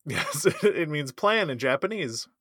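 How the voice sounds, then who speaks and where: A man's voice: fairly high pitch, animated, measured pace, a bit bright, dry recording, studio quality. A man co-hosting a podcast in casual chat, joking and teasing. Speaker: podcast co-host.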